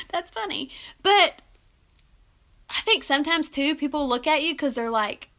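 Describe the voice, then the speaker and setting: A young woman talks straight to the camera about love and kindness in an earnest, heartfelt way. Her voice sits high and rings bright, and she giggles often and gets teary at times. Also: expressive, measured pace. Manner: warm, emotional, giggly, earnest. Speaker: relationship advice vlogger. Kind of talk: casual heartfelt talk to camera.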